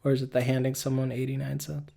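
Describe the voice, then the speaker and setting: A man hosting a podcast in relaxed back-and-forth conversation. He teases his co-host with dry, quick comebacks. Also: mid-range voice, creaky. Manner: wry, teasing, quick comebacks. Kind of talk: casual chat.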